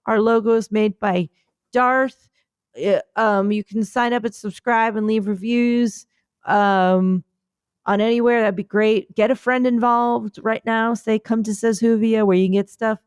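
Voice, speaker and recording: A woman's voice: a little high, steady tone, a little slow, clear, resonant tone, dry recording, studio quality. A woman co-hosting a comedy podcast, chatting in a rambling, playful, scattered way. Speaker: podcast co-host. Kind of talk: casual comedic chat.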